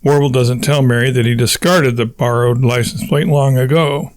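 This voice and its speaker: A man's voice: medium pitch, steady tone, normal speed, no echo. A man reading a comic novel aloud as the narrator, with wry timing. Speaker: audiobook narrator. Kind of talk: scripted narration.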